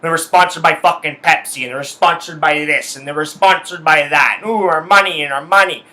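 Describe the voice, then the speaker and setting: A man's voice: a little high, fairly even intonation, a little fast, bright, forceful tone. A young man ranting angrily in a solo monologue, swearing a lot and hammering his points with emphasis. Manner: angry, profane, emphatic. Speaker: podcast host.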